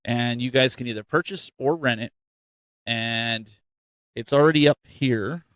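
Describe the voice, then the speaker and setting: A man at mid pitch hosting a casual chat show, upbeat and animated in his delivery. He talks close to the mic in a dry room. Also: unhurried, dry recording. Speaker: host.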